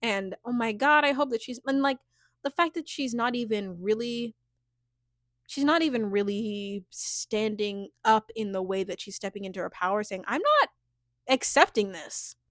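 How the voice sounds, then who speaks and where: Speaking at a normal pace in a medium-pitched voice, a young woman recaps a reality show for her vlog in a chatty, casual way. Filler words pile up and she laughs a lot. Clean studio sound, no echo.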